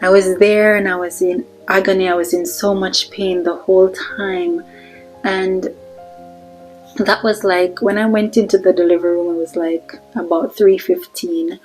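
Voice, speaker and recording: A woman's voice: on the low side, flat delivery, normal speed, a little mellow, soft background music, rough recording. A young Jamaican woman narrating a storytime vlog in a chatty way, talking straight to her viewers. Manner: chatty, addresses viewers directly. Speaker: vlogger.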